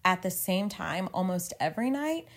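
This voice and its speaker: A woman's voice: on the low side, very animated, moderate pace. A woman in her thirties co-hosting a faith podcast, talking earnestly and at length with lots of filler words. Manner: earnest, rambling, many "like" fillers, emotional. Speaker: podcast co-host. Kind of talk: casual faith podcast chat.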